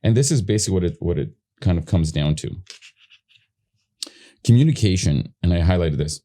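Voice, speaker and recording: A man hosting a podcast, talking casually about acting technique in a blunt, animated, teasing way with the odd swear word. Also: sits low, brisk. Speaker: podcast host.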